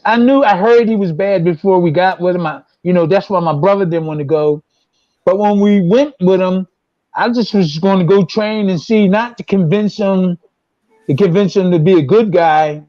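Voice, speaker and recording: Older guy in his 60s, high voice, rambling boxing stories, dull dry sound. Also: darkish tone, no echo. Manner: rambling, repeats himself, acts out quotes. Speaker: guest, former boxer. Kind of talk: casual storytelling.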